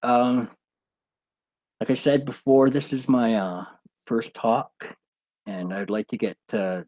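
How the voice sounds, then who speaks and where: A man's voice: mid-range voice, steady tone, takes it slowly, a little mellow, muffled recording. A man who used to box, hosting and telling a casual, rambling story with lots of fillers and swearing. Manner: rambling, with many fillers and restarts, swears freely. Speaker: host, former pro boxer.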